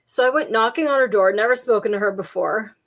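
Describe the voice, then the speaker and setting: A woman's voice: on the high side, quick pace. A woman co-hosting a casual chat, telling jokey stories with lots of laughter. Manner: chatty, jokey storyteller, frequent laughs. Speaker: podcast co-host.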